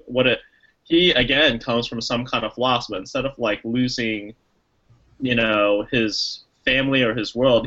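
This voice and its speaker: Rambling bright-voiced man reviewing a movie. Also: medium pitch, muffled recording. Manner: rambling, many restarts and fillers, acts out quotes. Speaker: podcast co-host. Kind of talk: casual movie review chat.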